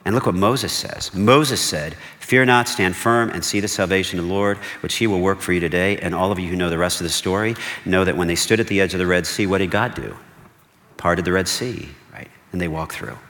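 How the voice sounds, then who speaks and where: A male pastor giving an animated sermon, asking the congregation questions and acting out short bits of dialogue. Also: low voice, brisk, in a large hall. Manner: animated preaching with rhetorical questions and acted-out dialogue.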